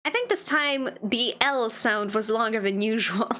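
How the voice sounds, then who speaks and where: A woman's voice: fairly high pitch, measured pace, hardly any pauses, sharp tone. A woman streaming a game, reading its dialogue aloud and reacting playfully between lines. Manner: playful, reads text then comments with laughs.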